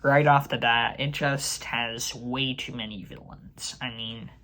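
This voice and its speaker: This movie review channel host has a mid-range, pushed and bright voice with fairly even intonation and a measured pace. Talking casually to camera, he ranks films with strong opinions, fillers, and restarts.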